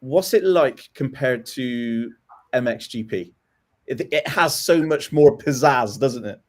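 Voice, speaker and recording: Guy hosting a live show, chill and chatty, lots of ums, normal pitch. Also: slow. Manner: relaxed, chatty, with many fillers. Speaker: host.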